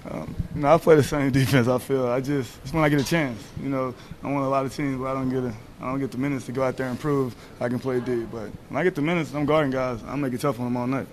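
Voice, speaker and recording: A man's voice: mid-range voice, steady tone, fast, few pauses, slight background noise, rough recording. A young man giving a post-game interview as a guest, answering modestly and laid-back. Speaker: guest player.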